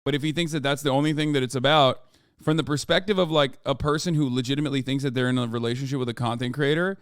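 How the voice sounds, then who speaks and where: A man's voice: medium pitch, steady tone, fast talker, clear, resonant tone, dry recording, studio quality. A man streaming a casual reaction commentary, ranting in an exasperated, profane way.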